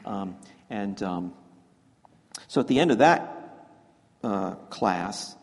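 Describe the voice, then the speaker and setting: A man's voice: on the low side, expressive, slow pace. A male pastor telling a children's story in a sermon, chatty and self-deprecating with many fillers and restarts. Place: church sanctuary. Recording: echoey church hall.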